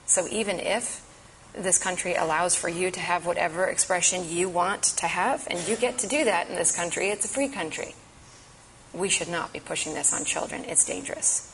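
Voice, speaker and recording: A woman's voice: fairly low pitch, moderate pace, a bit bright, slight background noise, low-quality recording. A woman giving an impassioned, emphatic advocacy talk at a church event. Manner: earnest, emphatic, urgent.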